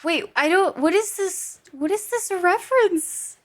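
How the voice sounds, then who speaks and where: A young woman with a high voice chats with her stream audience at an easy, unhurried pace. She giggles often and swears casually, chatting loosely and off the cuff. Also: animated. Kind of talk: casual live-stream chat with viewers.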